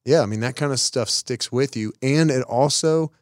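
A man's voice: mid-range voice, normal speed, no room sound, studio quality. A man co-hosting a podcast, speaking in an earnest, reflective way in casual chat. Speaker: podcast co-host.

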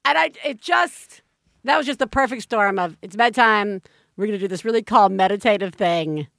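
A woman co-hosting a podcast in casual chat. She is animated, swears, and acts out voices to get a laugh. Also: medium pitch, normal speed, creaky, no room sound, clean studio sound. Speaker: podcast co-host.

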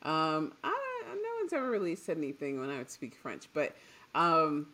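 A woman from Trinidad, chatting casually as a podcast co-host, telling stories and acting out what she once said. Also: low-pitched. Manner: animated storyteller, acts out her own past lines, quick asides. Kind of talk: casual chat.

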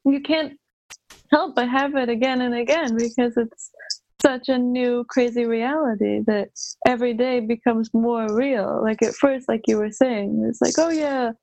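A woman's voice: fairly high pitch, steady tone, unhurried, a little mellow, no echo, low-quality recording. A woman guest on a podcast in casual chat, talking emphatically with incredulous outbursts.

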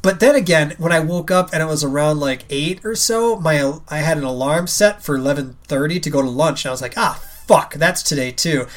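Animated, swearing man telling stories. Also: a little high, a little fast, hardly any pauses. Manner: animated storyteller, swears freely, laughs often. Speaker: podcast co-host. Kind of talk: casual chat among friends.

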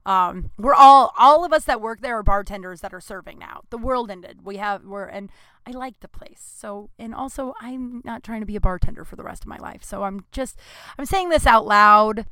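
Smooth-voiced woman telling a rambling story. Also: mid-range voice, moderate pace, bright, forceful tone, dry recording, clean studio sound. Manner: chatty, rambling, self-deprecating asides. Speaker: comedian. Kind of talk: comic storytelling.

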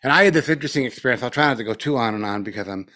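A man's voice: medium pitch, racing, pushed and bright. A middle-aged man giving a casual dharma talk as a meditation teacher, loose and profane, with many fillers, a little spaced out after a retreat.

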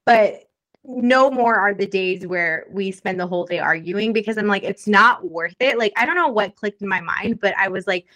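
A woman's voice: medium pitch, moderate pace, a bit bright. A young woman co-hosting a podcast, chatting casually and animatedly, laughing often and acting out quotes. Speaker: podcast co-host. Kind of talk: casual chat.

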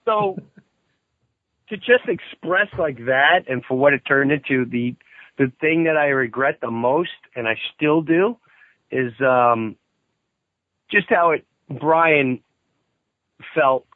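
A man guesting on a podcast by phone, telling a story in a lively way and acting out the voices of the people he quotes. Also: medium pitch, takes it slowly, pauses often, no room sound. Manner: animated storyteller who acts out quoted voices. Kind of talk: casual phone interview. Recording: tinny phone line, dry.

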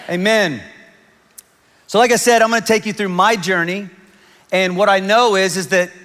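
A man in his thirties delivers a sermon in a large church hall, and his voice rings out with a long, lingering reverb. His voice sits a touch high for a man. He tells his story in an animated way, lifting his voice to act out the people he quotes. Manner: animated storytelling, quoting others in raised voices. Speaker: pastor.

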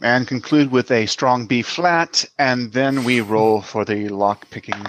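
A man's voice: medium pitch, measured pace, a bit bright, a little hiss or hum, rough recording. A man playing a tabletop game, casually reporting his rolls. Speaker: player.

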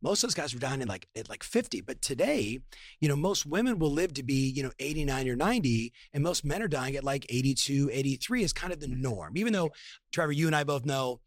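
A man's voice: mid-range voice, fairly quick, no room sound, clean studio sound. A man in his late thirties telling a family story and giving a motivational talk, acting out the dialogue as he goes. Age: 30s. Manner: animated storyteller, acts out dialogue. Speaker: podcast guest.

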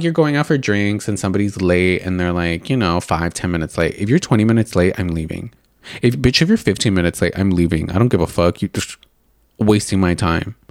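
A young man hosts a makeup podcast and rants in a loose, rambling monologue. His voice sits a little low, and he packs every sentence with "like" fillers and blunt swearing. The sound is dry and close, with almost no room in it. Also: animated, moderate pace, no echo. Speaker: makeup video and podcast host. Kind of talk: casual ranting monologue.

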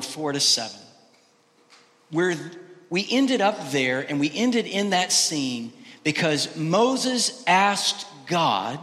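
A male pastor preaching a sermon, swinging between loud, emphatic exclamations and quiet, hushed lines. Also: fairly high pitch, in a large hall. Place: church sanctuary.

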